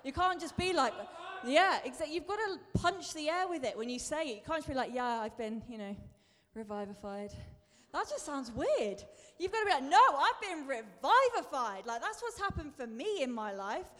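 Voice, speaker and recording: A woman's voice: high voice, very animated, fairly quick, few pauses, a bit bright. A woman preacher giving a sermon in a chatty, self-deprecating way, building to emphatic bursts. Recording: long reverb of a large hall.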